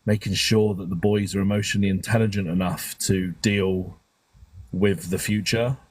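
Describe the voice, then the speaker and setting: A man's voice: low-pitched, steady tone, normal speed, darkish tone. A man telling personal stories in a casual, open and emotional way, swearing now and then and rambling with restarts. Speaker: guest caller on a live stream.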